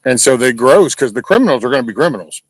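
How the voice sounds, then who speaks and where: A man's voice: medium pitch, expressive, fast, no echo, poor audio. A man in a casual chat who argues his view by asking rhetorical questions. The sound is dry and close, with no room around it, and his voice sits in a middle register. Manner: opinionated, asks rhetorical questions.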